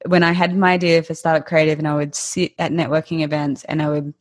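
Lower-voiced woman hosting. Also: flat delivery, quick pace. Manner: warm reactions, laughs along, short interjections. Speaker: podcast host. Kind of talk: casual interview chat.

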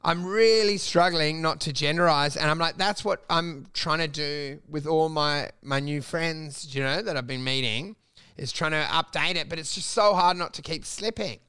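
A man's voice: on the high side, normal speed, pushed and bright, clear, resonant tone, dry recording, clean studio sound. A man, co-hosting a casual comedic chat, riffing crudely and ranting in mock voices.

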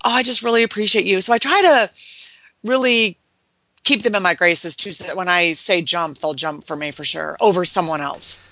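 A woman's voice: moderate pace, no room sound. A middle-aged woman talking as a real estate investor guest, telling stories and acting out quoted voices. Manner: animated storyteller, acts out quoted voices in a high sweet tone. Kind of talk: casual interview chat.

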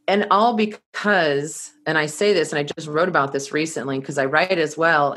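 Low-voiced woman telling a lively story. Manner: animated, laughing, with frequent restarts. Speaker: speaker telling her travel story; course teacher. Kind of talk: personal storytelling talk to an audience.

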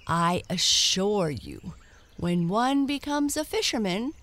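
A woman's voice: medium pitch, very animated, slow pace, a bit bright. A woman voicing a sly male fox in a storybook tale, coaxing and persuasive. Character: sly, smooth-talking male fox trickster.

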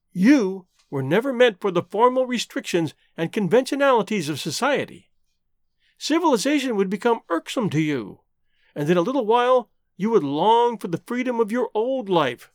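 A man voicing a refined young Englishwoman in an audiobook reading, speaking in an earnest, pleading, measured way. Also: high-pitched, dry recording, studio quality.

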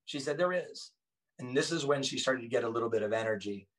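An earnest man tells stories as a guest in a relaxed conversation. His voice is mid-pitched and sits a little back from the mic. He talks with emphatic conviction. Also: quick pace, far from the mic, poor audio. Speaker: podcast guest, author and former police officer. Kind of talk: casual storytelling conversation.

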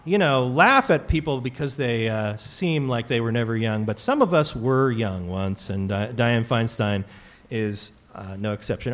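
A man's voice: mid-range voice, measured pace. A man from California hosting a trivia show before a live audience, telling stories in a chatty, joking way with plenty of fillers. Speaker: quiz show host.

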